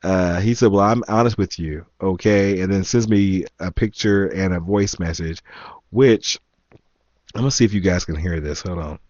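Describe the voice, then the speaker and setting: An amused man recounts a story to his viewers in a relaxed, casual way, laughing now and then and reading messages aloud with wry emphasis. His voice sits low, and the sound is dry and a bit dull, like a lo-fi home recording. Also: normal speed, no echo. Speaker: vlogger.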